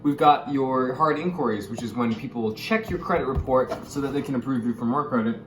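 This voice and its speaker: A young man explaining money topics in a casual vlog, goofy and jokey, with sudden loud, excited bursts. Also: medium pitch, a little fast, roomy sound, background noise. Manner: goofy, hyper bursts, calls viewers gamers. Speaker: YouTuber.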